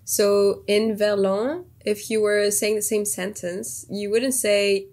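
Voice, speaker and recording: A woman's voice: mid-range voice, flat delivery, slow pace, a little mellow. A young woman with a French accent, a native French speaker, chatting casually to camera as a YouTuber, laughing often and sometimes exasperated, recorded on a phone's small mic. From France. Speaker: YouTuber testing a language app.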